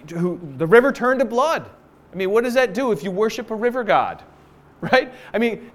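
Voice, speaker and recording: A man preaching a sermon to a congregation indoors, animated and jokey in a conversational way. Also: high voice. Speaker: pastor.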